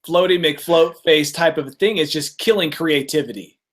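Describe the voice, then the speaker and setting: Joking man with a high-ish voice. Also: moderate pace, fairly bright tone. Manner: joking, laughs at his own bits. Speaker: podcast co-host presenting stories. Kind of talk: casual comedic chat.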